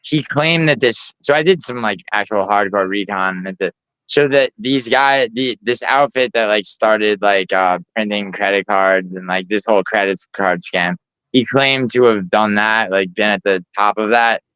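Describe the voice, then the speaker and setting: A low, smooth-voiced man with a nasal American sound and a Bronx accent he keeps in check. He rambles through casual chat, leaning on "like" and "you know" and swearing freely. The recording is dry and close. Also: moderate pace, fairly bright tone, no echo, low-quality recording. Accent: American with a hidden Bronx accent. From Sicily, raised in the Bronx. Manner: rambling, lots of fillers, swearing.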